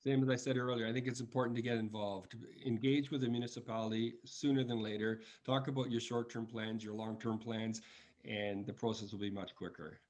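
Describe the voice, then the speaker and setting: A man's voice: mid-range voice, level tone, a little fast, darkish tone. A man on a webinar panel explaining things plainly, with some restarts.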